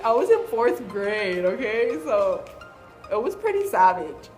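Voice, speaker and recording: A woman's voice: a little high, unhurried, soft background music. Chatty young woman telling stories. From Southern California. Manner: chatty, animated, acts out quoted voices. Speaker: vlogger. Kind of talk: casual storytelling.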